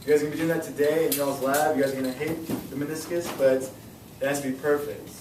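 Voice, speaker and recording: A young male high school science teacher leading a classroom lesson, energetic and repeating his questions to the students. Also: fast talker, background noise. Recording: echoey classroom from far off.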